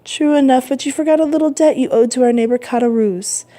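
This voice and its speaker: A woman voicing a frail, gentle old man who is a self-sacrificing father, speaking softly in a storybook reading. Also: sits high, fast talker, pitched above the performer's own voice, lightly acted. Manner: gentle, soothing.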